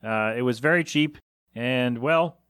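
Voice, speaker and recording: A man's voice: mid-range voice, unhurried, a bit bright, clean tone, no echo, clean studio sound. A man hosting a solo podcast from a small windowless room, rambling in an exasperated, incredulous way. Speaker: podcast host. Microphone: home podcast mixer setup.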